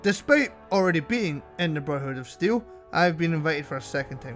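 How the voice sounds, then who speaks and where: A man's voice: fairly high pitch, animated, fairly quick, hardly any pauses, a bit bright, soft background music. A man narrating gameplay commentary as a channel host, wry and self-mocking.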